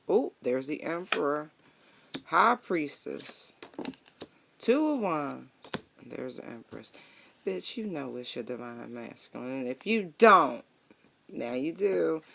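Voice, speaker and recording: Drawn-out hums accompany each card pulled in this easygoing, slangy, and profane tarot reading, with the reader musing out loud. The voice sits at medium pitch with vocal fry, and a little hiss or hum is audible.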